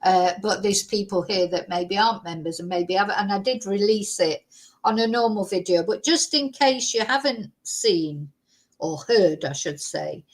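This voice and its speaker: A woman's voice: medium pitch, moderate pace. Woman, casual livestream host, rambling chatty talk. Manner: chatty, rambling, thanks viewers.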